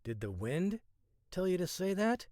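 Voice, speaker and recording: A man's voice: high-pitched, big pitch swings, unhurried, a little mellow, no room sound, voice pushed up. Terse, guarded male spy, dry delivery, read by the narrator.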